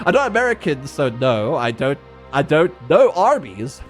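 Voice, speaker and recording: A young man with a South African accent chats on a game stream, his voice fairly high and swinging widely in pitch. He rants, swears and laughs freely. Soft music plays underneath. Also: measured pace. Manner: animated, profane, laughing rants. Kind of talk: casual livestream chat.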